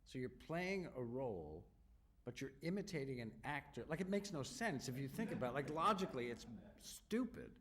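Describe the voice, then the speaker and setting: A middle-aged man, an actor, answering audience questions on stage with animated, self-deprecating storytelling. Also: medium pitch. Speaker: actor at festival Q&A. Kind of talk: onstage Q&A answers.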